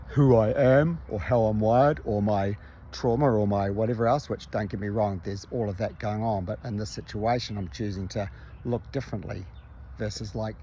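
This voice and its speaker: A man's voice: lowish voice, mellow, dull audio, slight background noise. A man candidly telling a personal story in a conversational, self-reflective way, recorded outdoors. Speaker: vlogger.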